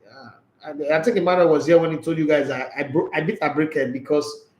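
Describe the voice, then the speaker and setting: Man, Nigerian English accent, casual sports talk host, animated, rhetorical questions, fairly high voice, roomy echo. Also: a little fast. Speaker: sports show host reading viewer comments. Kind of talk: casual live commentary chat.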